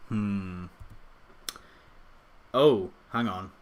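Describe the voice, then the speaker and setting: Speaking very slowly in a fairly low voice, a man live streams late at night from his home computer. He rambles and puts himself down, often stopping and restarting hesitantly, and his voice is picked up by a desktop USB microphone.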